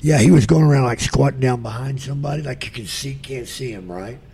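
A man's voice: medium pitch, a little fast, mellow, breathy edge. An older man, a podcast guest, telling profane stories in a drawl and acting out the voices of the people in them. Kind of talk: casual storytelling.

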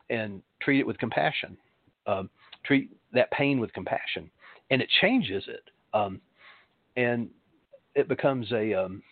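A middle-aged man giving a reflective spiritual talk as a pastor and host, hesitating and restarting his words. His voice sits at an ordinary pitch and comes through narrow and phone-like, with no room sound around it. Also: husky, no room sound. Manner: halting, many pauses and repeated words.

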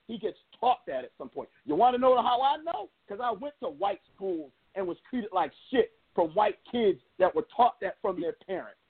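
A man's voice: high-pitched, very animated, moderate pace, few pauses, husky. A middle-aged man, a podcast co-host, telling a story in casual chat with a passionate, emphatic manner. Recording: tinny phone-like sound.

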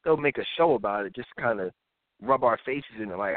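A man hosts a live talk show, offering casual political commentary in an animated way and slipping into impressions, mimicking others in different voices. His medium-pitched voice moves a little fast, and the audio is dry and phone-like.

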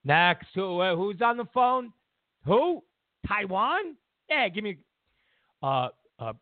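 A man's voice: high voice, very animated, slow, long pauses, no room sound. A man hosting a political talk show, ranting and mocking as he acts out quotes. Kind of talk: opinionated political commentary. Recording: tinny narrowband audio.

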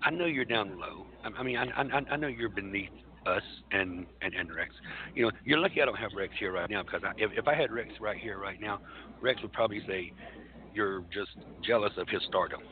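A man's voice: fairly low pitch, expressive, brisk. A man doing in-character wrestling trash talk, stammering and taunting a rival. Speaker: wrestling show personality. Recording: tinny phone-like line, faint hiss.

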